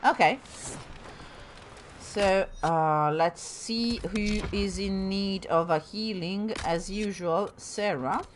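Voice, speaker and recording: Slow-talking woman commenting on her game. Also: mid-range voice, slight background noise. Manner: chatty, self-mocking, talks to game characters. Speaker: let's play host. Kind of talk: casual gameplay commentary.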